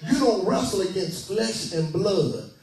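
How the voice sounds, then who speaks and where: High-voiced preacher in an echoey hall. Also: male voice, animated, measured pace, darkish tone, far from the mic. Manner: folksy, joking, urging the congregation to answer. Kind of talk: call-and-response sermon.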